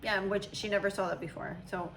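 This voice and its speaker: A woman in her thirties, a mother chatting casually with her daughter, talking in long, animated, meandering stretches. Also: medium pitch, brisk, a little hiss or hum, poor audio. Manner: chatty, animated storytelling with imitations. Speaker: mother, channel host. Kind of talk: casual chat.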